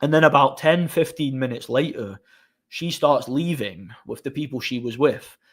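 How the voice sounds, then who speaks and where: A man's voice: medium pitch, moderate pace, a bit bright. A man hosting a casual live stream, telling long stories with many restarts and small laughs. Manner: rambling storytelling with frequent restarts.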